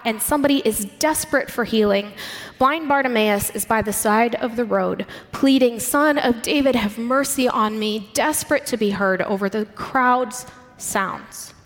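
A woman's voice: on the high side, a bit bright. A woman preacher giving a sermon, retelling stories vividly and earnestly, asking the listeners rhetorical questions. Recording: long hall reverb.

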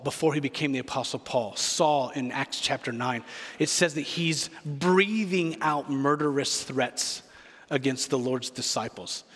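A man's voice: mid-range voice, a bit bright, husky. Man preaching in a reverberant hall. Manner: reflective, earnest preaching with repeated phrases. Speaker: pastor. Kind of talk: sermon.

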